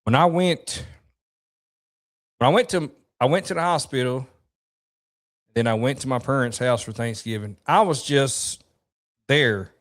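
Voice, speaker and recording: A man, speaking at a middle pitch, shares a personal story in a reflective, halting way. He circles back on his words and restarts often as he remembers. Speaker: vlogger.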